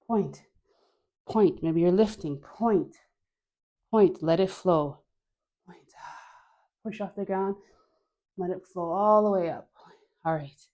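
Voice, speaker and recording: A woman dance instructor calls out steps in a slow, easy cadence while moving, her voice mellow and relaxed. She is encouraging and playful and laughs between cues. Her breath shifts as she dances with a mic on. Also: mid-range voice. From Caribbean. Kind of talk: guided dance class. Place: dancing while talking. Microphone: wearing a mic.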